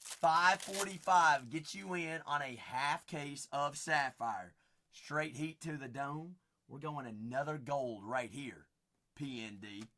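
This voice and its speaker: A man's voice: fairly high pitch, takes it slowly, sharp tone. A young man with a Southern Kentucky twang, hosting a live card-break stream with folksy, hyped sales banter.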